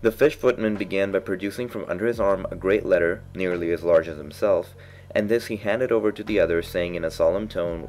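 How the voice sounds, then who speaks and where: Deep-voiced man reading a storybook. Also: brisk, darkish tone, faint music behind, rough recording. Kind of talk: storybook narration.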